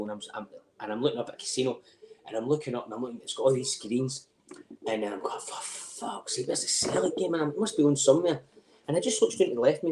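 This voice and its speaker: Fast-talking Scottish man spinning yarns. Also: medium pitch. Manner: animated, swears freely, laughs between lines. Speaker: podcast guest. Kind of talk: casual anecdote telling.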